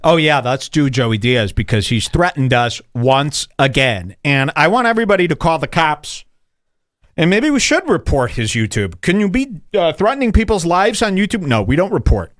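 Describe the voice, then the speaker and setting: Sarcastic man podcast host, lively pitch. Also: moderate pace, no room sound, clean studio sound. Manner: sarcastic, rambling storyteller. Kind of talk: casual comedic podcast chat.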